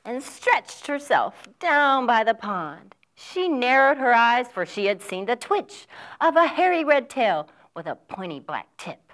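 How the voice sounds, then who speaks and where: Reading a picture book to children, this librarian from the United States uses a sing-song storytelling manner full of animal noises. Her voice is a little high and lilting, a little slow, and fairly bright.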